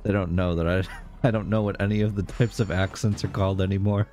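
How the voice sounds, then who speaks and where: A man's voice: sits low, steady tone, fast, darkish tone, slight background noise. A young man streaming live, chatting casually and jokily with his viewers in a rambling way. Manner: rambling, jokey, chats to viewers, laughs often.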